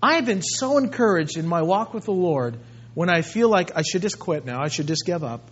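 High-voiced impassioned male preacher. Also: lively intonation, a little fast, breathy edge, muffled recording. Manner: impassioned, swinging from hushed to loud. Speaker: pastor. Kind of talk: sermon.

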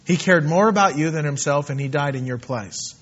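Man, pastor, preaching a sermon, emphatic, soft-then-loud delivery, higher voice, muffled lo-fi sound. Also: fairly quick. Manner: emphatic, swings between soft asides and loud bursts. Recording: dull lo-fi sermon recording.

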